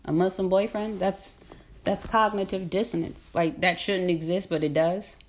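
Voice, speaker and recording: A woman's voice: fairly low pitch, steady tone, moderate pace. A woman talking in a casual, rambling monologue. She is emphatic and slangy, laughs often, and repeats herself.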